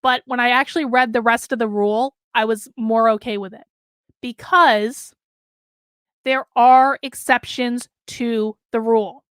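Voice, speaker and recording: A woman's voice: a little high, fairly even intonation, measured pace, a bit bright, smooth, no room sound, studio quality. A woman hosting a live commentary stream, emphatic and losing her voice, reading out and answering chat. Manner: emphatic, talks with her hands. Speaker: host.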